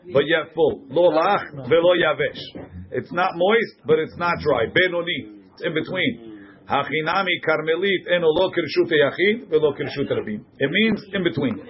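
A man teaching a Talmud class, reading Hebrew and Aramaic phrases aloud and translating each one into English for his students in a classroom. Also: a little high. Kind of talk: classroom Gemara lesson. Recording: muffled lo-fi classroom recording.

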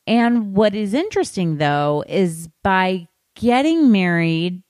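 A woman hosting a podcast, chatting casually and gossipily about a book, with animated asides to her listeners. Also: medium pitch, slow, no echo, studio quality. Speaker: podcast host. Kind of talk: casual book-discussion chat.

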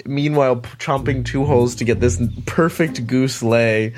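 A man running a tabletop game as game master, describing the scene in a halting, chatty way full of restarts. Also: mid-range voice, fairly even intonation, a little mellow.

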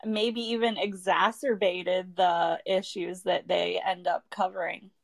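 A woman's voice: on the low side, level tone, unhurried, creaky. A woman co-hosting a podcast in casual chat, talking freely and laughing often. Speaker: podcast co-host.

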